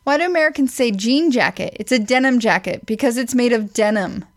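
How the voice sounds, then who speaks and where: A woman's voice: on the high side, fairly quick. A woman co-hosting a podcast, reading questions aloud from a list in a dry, teasing way. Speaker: podcast co-host.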